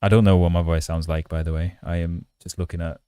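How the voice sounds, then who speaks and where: A man with a low voice hosts a coding livestream from his desk. He chats with viewers, jokes at his own expense and sometimes pulls the mic right up to his mouth. The sound is dry and close, with no room in it. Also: little pitch movement, fast talker, mellow, smooth, dry recording. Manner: chatty and self-mocking, reads chat aloud; holds mic close in a mock ASMR voice. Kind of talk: casual livestream chat while coding. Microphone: handheld mic held close.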